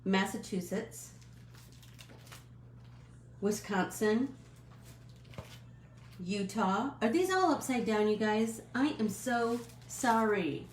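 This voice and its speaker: A middle-aged woman hosting a casual live stream, chatting in a friendly, rambling way with many fillers and quick apologies. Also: on the high side, lively intonation, reverberant, a little hiss or hum.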